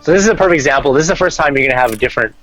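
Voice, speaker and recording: A man's voice: fairly high pitch, animated, racing, a bit bright, highs cut off, faint music behind. A man in casual gaming chat, walking a friend through a game in an instructive, teasing way. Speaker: gamer guiding a friend.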